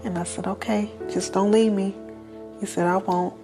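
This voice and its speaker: A woman's voice: medium pitch, fairly even intonation, normal speed, over music. A woman, a guest in an interview, earnestly telling her life story and acting out the voices of the people in it. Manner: earnest, acts out quoted dialogue.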